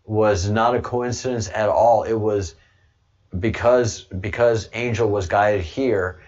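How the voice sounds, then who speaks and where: A man's voice: lowish voice, steady tone, slow, darkish tone, highs cut off. A man hosting a livestream, talking casually to viewers in a rambling way with frequent restarts. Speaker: livestream host.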